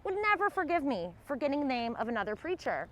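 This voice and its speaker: A woman's voice: high-pitched, big pitch swings, fast. A woman voicing a poised, sophisticated young preacher's daughter who speaks in a cool, dismissive way.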